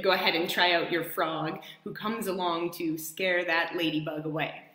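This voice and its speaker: Gentle sing-song woman telling children's stories. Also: fairly low pitch, normal speed, few pauses. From New York State, US. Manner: gentle, playful, sing-song counting rhyme. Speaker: storyteller and dance educator. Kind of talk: children's story time with movement. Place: home in Italy, echoey room. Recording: echoey room.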